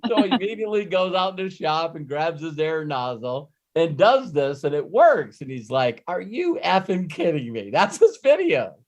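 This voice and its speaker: Middle-aged male coach, lively anecdotal delivery, a touch high-pitched. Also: normal speed, few pauses. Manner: animated storyteller who laughs and acts out quotes. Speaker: host and business coach. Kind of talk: live coaching call.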